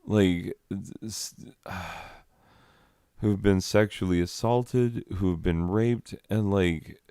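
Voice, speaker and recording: A man's voice: low voice, fairly even intonation, extremely slow, mellow, clear, resonant tone, dry recording, studio quality. A man giving rambling, exasperated comedic commentary on slides, full of "like" fillers.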